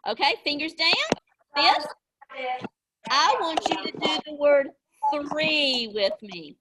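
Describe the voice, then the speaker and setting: A woman teacher leading children through a phonics lesson on a video call, sounding out words slowly and encouragingly. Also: sits high, animated. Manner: slow, encouraging, exaggerated sounding-out. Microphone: laptop mic on video call. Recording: noisy video call audio.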